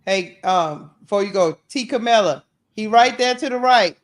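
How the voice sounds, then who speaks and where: High-voiced man chiming in calmly. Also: moderate pace. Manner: brief, calm interjections, shouting out viewers. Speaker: co-host. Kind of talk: casual livestream chat.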